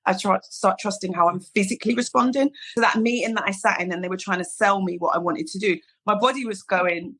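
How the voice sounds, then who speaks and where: A London woman in her thirties, a hairdresser who founded a salon, is the guest in a casual interview, telling stories and acting out the people she quotes. Her English voice sits at medium pitch, a little fast and bright, with few pauses. The recording is rough.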